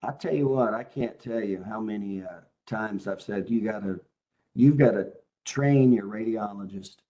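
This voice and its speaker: A man's voice: fairly low pitch, moderate pace, mellow, muffled recording. A man hosting a casual interview, a chiropractic consultant who asks leading questions in a coaching tone.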